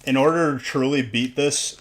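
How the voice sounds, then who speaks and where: A man's voice: mid-range voice, fairly even intonation, normal speed, slight background noise. A man hosting a casual livestream, bantering and joking with chat and counting scores aloud. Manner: joking banter with chat, says "dude" a lot. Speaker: livestream host opening trading card packs.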